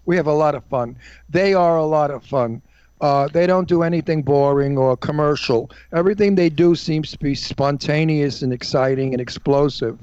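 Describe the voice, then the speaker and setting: A man's voice: on the high side, moderate pace, a little mellow, clear, resonant tone, dry recording. Enthusiastic male radio co-host. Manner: enthusiastic, emphatic. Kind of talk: casual live radio chat. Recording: dull, dry studio sound.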